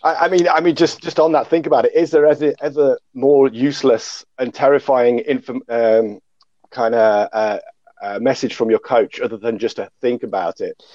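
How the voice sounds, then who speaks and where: A man's voice: mid-range voice, steady tone, moderate pace, a little mellow, no room sound. Casting: male host, chatty panel podcast, dry close lo-fi sound, rambling and self-mocking. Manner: self-deprecating, many fillers and restarts. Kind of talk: casual hosted panel chat.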